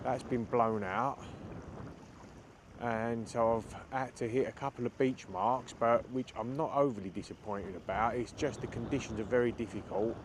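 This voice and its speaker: A man's voice: medium pitch, normal speed. A man chatting casually to viewers as he talks them through his fishing, outdoors on an open beach at night. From United Kingdom. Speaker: angler vlogger. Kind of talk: casual chat to camera. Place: open beach at night in strong cold wind. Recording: heavy wind noise on the mic.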